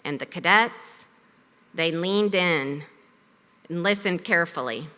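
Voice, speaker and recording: A woman giving a formal commencement speech at a podium in a ceremony hall, with a measured, deliberate delivery. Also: fairly low pitch, bright, forceful tone. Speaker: commencement speaker. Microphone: podium microphone. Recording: long reverb of a large hall.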